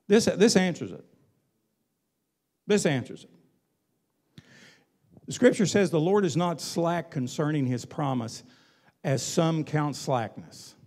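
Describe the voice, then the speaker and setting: A man's voice: a little high, lively intonation, slow pace, long pauses, a little mellow. A male pastor preaching a sermon in an emphatic, folksy way, with colloquial asides.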